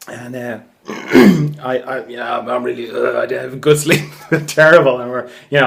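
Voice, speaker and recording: A man, a therapist hosting a podcast, telling a story in a relaxed monologue, laughing often and swearing casually. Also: mid-range voice, normal speed, creaky. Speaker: podcast host; craniosacral therapist.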